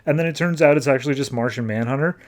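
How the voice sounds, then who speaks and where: Man, podcast host, casual comic recap, breezy, slangy mock quotes, mid-pitched voice. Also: rapid-fire. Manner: breezy, paraphrases characters in slangy mock dialogue.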